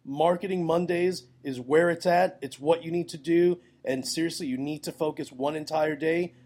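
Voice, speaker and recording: A man's voice: fairly high pitch, steady tone, moderate pace, a little mellow. A man hosting a solo podcast, talking energetically and emphatically about his photography business in a conversational way, with a groggy voice. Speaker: podcast host, wedding photographer. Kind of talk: solo podcast advice talk.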